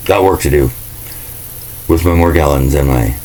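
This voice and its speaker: A man's voice: rumbling low, moderate pace, darkish tone, slight background noise, poor audio. A man ranting in a casual, profane and sarcastic monologue vlog. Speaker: vlogger.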